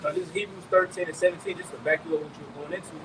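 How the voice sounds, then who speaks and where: Fast-talking guy chiming in at a street sermon, high voice, sounds far off with lots of noise. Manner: quick, filler-heavy, ends phrases with "man". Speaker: member of the group. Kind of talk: adding a point in a preaching circle. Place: outdoors.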